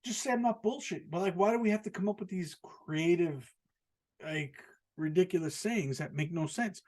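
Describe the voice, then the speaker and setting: An American man hosts a casual solo podcast, rambling and swearing with an incredulous tone and often laughing at his own jokes. His voice sits high, a little mellow, at a moderate pace. He's on a podcast microphone and also being filmed.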